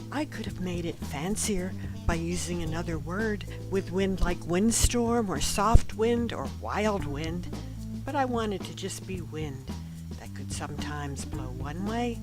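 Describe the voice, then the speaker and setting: A woman reading a novel aloud as scripted first-person narration, gentle and even, sometimes dropping to a hush. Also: lowish voice, low-quality recording. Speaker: audiobook narrator.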